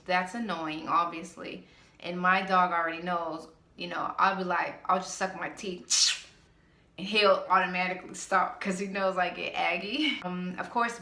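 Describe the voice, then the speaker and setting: A woman's voice: on the low side, sharp tone, roomy sound. A woman vlogger ranting in a casual monologue, blunt, sassy and exasperated.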